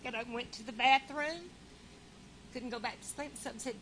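Woman crying through her testimony, high bright voice, bit of hiss behind her. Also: low-quality recording. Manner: tearful, fervent, reads scripture slowly and loudly. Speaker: caller sharing a testimony. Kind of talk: emotional testimony.

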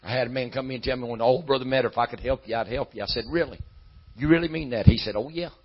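A man preaching a sermon in a folksy style that climbs into shouting. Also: medium pitch, racing, husky, dull audio.

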